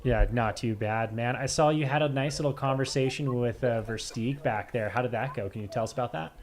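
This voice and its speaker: A man with a middle-pitched voice commentates on an ultramarathon stream, enthusiastic and full of jokes. Faint noise sits under his voice. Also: brisk. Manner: enthusiastic, joking. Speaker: livestream commentator. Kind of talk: casual commentary.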